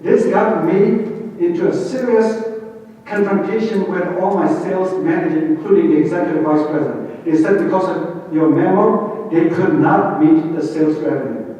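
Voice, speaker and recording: A man's voice: sits high, normal speed, mellow. A middle-aged man with a Chinese accent gives a talk to an audience, telling work stories and asking rhetorical questions. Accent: Chinese-accented English. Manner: anecdotal, quotes his bosses, rhetorical questions. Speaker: conference speaker. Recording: distant, echoey hall, dull lo-fi sound.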